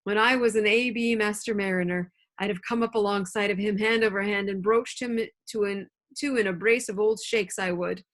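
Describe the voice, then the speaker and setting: A woman's voice: mid-range voice, steady tone, moderate pace, few pauses, a bit bright, close to an everyday voice. A woman voicing a jovial, sly, one-legged old pirate cook with hearty, folksy sailor talk, read into a computer mic.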